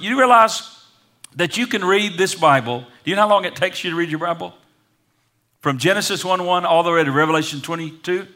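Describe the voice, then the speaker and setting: A man preaching a sermon to a congregation, calling for responses and building to loud peaks. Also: a little high. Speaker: pastor. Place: church sanctuary.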